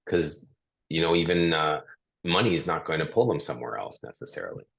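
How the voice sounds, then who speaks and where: A man co-hosting a webinar in a relaxed, conversational way, reading out audience comments and adding his own thoughts. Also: a bass voice, fairly quick, vocal fry. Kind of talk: casual webinar chat. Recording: dull lo-fi audio.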